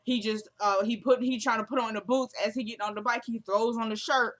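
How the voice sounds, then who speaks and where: A young woman hosting a casual vlog recap of a TV episode, chatty and slangy, acting out the characters' lines in quick quotes. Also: on the high side, steady tone. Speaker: show recap host.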